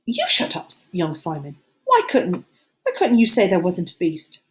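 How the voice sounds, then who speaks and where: A woman voicing an anxious, fussy schoolboy who frets and pleads in a high, squeaky voice, reading an audiobook. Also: wildly swooping pitch, moderate pace. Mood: plaintive.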